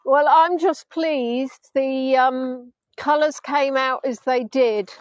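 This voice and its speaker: Chatty high-voiced southern English woman. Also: fairly even intonation, slow, clean tone, dry recording, dull audio. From England (Hampshire). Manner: chatty, affectionate, answering viewers' comments. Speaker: virtual tour guide. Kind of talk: live-streamed outdoor tour chat. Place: outdoors on a beach at dusk.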